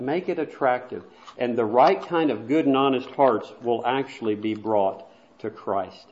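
Roomy, muffled recording of a preacher. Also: male voice, medium pitch. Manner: earnest storytelling preaching, drops to soft quiet asides. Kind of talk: sermon. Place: church sanctuary. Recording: dull, roomy church recording.

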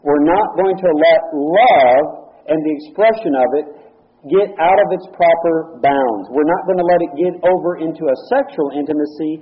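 A man leads an evening Bible study in an earnest, explanatory way, reading a verse and then unpacking it. His voice sits a little high for a man and he often repeats a word as he restarts. The recording is dull and lo-fi. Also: normal speed. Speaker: Bible teacher.

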